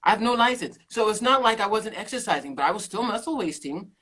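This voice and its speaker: A middle-aged woman, a keto coach and podcast guest, telling her story in an animated way, laughing often and acting out quotes. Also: mid-range voice, fast talker. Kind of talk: casual interview chat.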